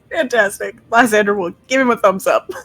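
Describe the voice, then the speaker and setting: A woman's voice: mid-range voice, animated, a little slow, fairly bright tone, no echo. A chipper woman playing a tabletop game, her voice close and dry with no room sound. Faint music sits underneath her cheerful replies. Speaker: player. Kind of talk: casual tabletop play.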